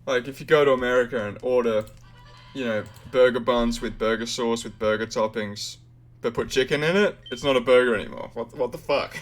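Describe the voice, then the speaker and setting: A man's voice: medium pitch, brisk, faint music behind. A young Australian man chatting loosely while live-streaming a game, full of fillers and the odd swear. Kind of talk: casual live-stream chat.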